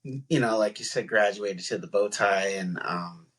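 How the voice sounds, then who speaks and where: A man hosting a casual podcast interview, reflective and relaxed, with many "um" and "uh" fillers. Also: on the low side, unhurried, rough recording. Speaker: podcast host.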